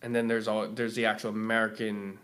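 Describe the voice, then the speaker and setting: A young man from Hawaii, a film producer and podcast guest, chatting casually as a lively storyteller who laughs often. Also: fairly low pitch, brisk.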